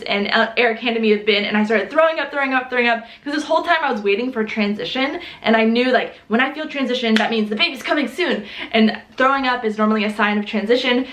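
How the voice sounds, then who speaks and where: Animated young woman telling a birth story. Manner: animated, laughing, acts out quotes in high voices. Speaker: vlogger. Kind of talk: casual storytelling to camera. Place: home room. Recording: echoey room.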